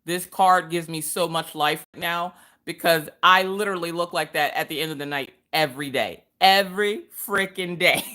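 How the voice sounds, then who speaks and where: A woman hosts a relaxed live craft stream. Her voice sits a little low for a woman. She chats along, greets viewers by name, and laughs often. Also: normal speed. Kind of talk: casual live-stream chat.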